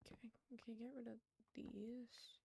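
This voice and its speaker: A woman's voice: on the high side, level tone, a little slow, gravelly, background noise. A young woman streamer telling stories in casual chat while gaming, laughing often and muttering to herself as she plays. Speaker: livestreamer.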